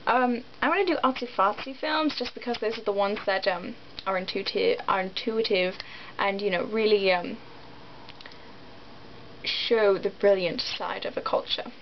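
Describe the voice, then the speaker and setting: A woman's voice: medium pitch, moderate pace. A young American woman vlogging in a rambling, giggly way, full of ums and likes. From United States. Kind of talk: casual chat to camera. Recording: dull lo-fi sound with faint noise.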